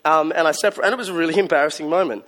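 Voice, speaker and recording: Man, pastor, Christmas sermon, conversational, self-mocking storyteller, slightly high voice. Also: very fast, a bit bright.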